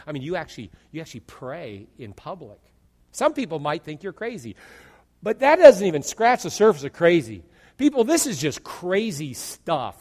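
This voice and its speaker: A male pastor preaching a sermon in an animated way, acting out imagined dialogue and jokes. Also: a little high, moderate pace, long reverb tail.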